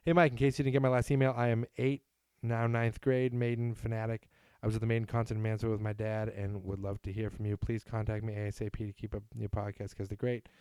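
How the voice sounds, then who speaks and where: A man's voice: lowish voice, little pitch movement, quick pace, hardly any pauses, a little mellow, clean tone, dry recording, studio quality. A man from New England hosting a casual solo podcast, reading listener emails aloud and rambling with self-deprecating asides. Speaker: podcast host.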